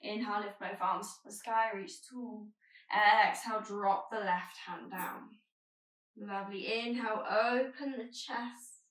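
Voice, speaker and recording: A woman yoga teacher giving calm, gentle spoken cues through a guided flow. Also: mid-range voice, unhurried, roomy sound, distant mic, rough recording.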